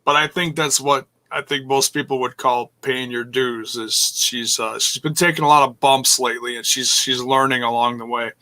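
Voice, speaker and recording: A man's voice: mid-range voice, fairly even intonation, moderate pace, few pauses, bright, forceful tone. A man co-hosting a casual podcast, rambling and thinking aloud as he talks. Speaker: podcast co-host.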